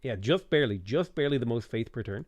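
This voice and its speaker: A man's voice: medium pitch, animated, fast, a little mellow, dry recording. A man with an Irish accent, casually chatting on a live game stream, rambling as he reads out and answers viewers' questions.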